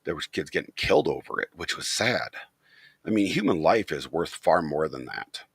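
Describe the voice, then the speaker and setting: A man's voice: extremely low pitch, big pitch swings, normal speed, creaky, breathy edge, no echo, clean studio sound. A man hosting his channel, talking straight to the camera in a blunt, profane, opinionated rant. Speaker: channel host.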